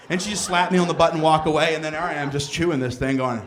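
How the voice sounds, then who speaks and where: A man doing a stand-up comedy set on stage, telling a story in an animated way and acting out the voices. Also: fairly high pitch, fast talker, hardly any pauses.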